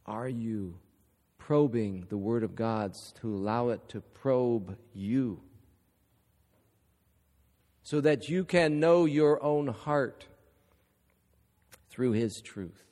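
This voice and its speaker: Emphatic preacher in an echoey hall. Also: male voice, medium pitch, extremely slow, long pauses. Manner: emphatic, rising to loud calls for agreement. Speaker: pastor. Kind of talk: sermon.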